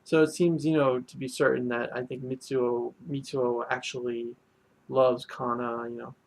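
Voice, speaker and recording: A man talks through an anime episode in a loose, rambling review. His voice has a gravelly, creaky texture at a middling pitch. He fills his sentences with "you know" and restarts. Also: level tone, moderate pace. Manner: rambling, heavy on fillers and restarts. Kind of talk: casual spoken review.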